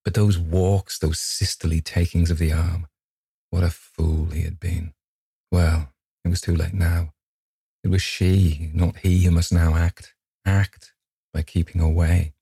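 Deep, gravelly male storyteller. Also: flat delivery, unhurried, dark tone, no room sound. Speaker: audiobook narrator. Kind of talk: scripted narration of a ghost story.

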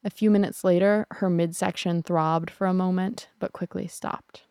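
A woman narrating a true crime podcast in a somber, measured way. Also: on the low side, fairly even intonation, darkish tone, smooth, dry recording, clean studio sound.

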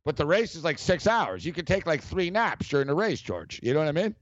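A middle-aged man hosts sports talk radio, drifting into long rambling stories and laughing along the way. His voice sits fairly high. The sound is dull and dry, like a close studio mic with the top end rolled off. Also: very animated, fairly quick, no room sound. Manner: rambling, storytelling, laughs often.

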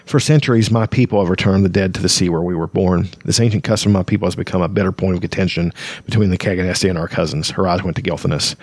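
A man's voice: low-pitched, fairly even intonation, fast, a little mellow, slightly rough, dry recording. A man reading passages from a fantasy novel aloud, stumbling over words and summarizing between them with many ums and uhs. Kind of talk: casual book reading with commentary.

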